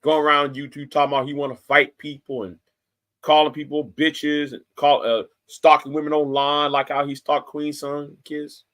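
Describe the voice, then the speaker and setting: A man's voice: on the high side, flat delivery, moderate pace, fairly bright tone. A man in his forties giving a confrontational, threatening rant straight to the camera, profane and repeating himself for emphasis. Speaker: YouTube commentator. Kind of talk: angry direct-to-camera rant.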